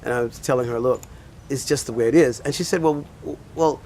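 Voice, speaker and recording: A man's voice: mid-range voice, fast talker, a little mellow, slight background noise. An older man, a pastor and teacher, telling a rambling personal story in casual talk with many fillers.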